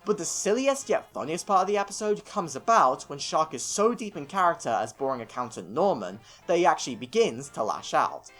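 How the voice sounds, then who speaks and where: An English man reads a scripted video review, his pitch leaping up and down as he talks. He is opinionated and slips into sarcastic little rants, with faint music playing underneath. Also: sharp tone. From England. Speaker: film and TV reviewer.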